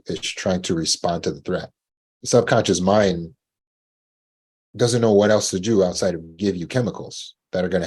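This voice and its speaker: A trauma recovery coach gives a teaching talk on panic in a low, slightly mellow voice with a breathy edge. He acts out anxious inner voices with a rising tone and repeats words when he restarts.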